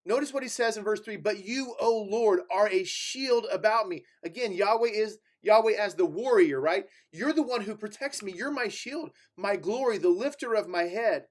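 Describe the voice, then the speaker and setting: A man's voice: high-pitched, moderate pace, few pauses. A male preacher teaching through scripture in a conversational sermon, reading verses aloud and stressing key words, with fillers and restarts. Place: church sanctuary.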